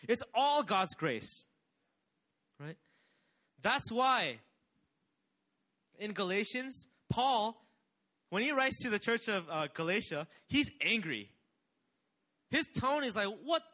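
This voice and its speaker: Lively bright-voiced young male preacher. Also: high voice, slow, pauses often. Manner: energetic, call-and-response with the congregation. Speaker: pastor. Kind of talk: sermon.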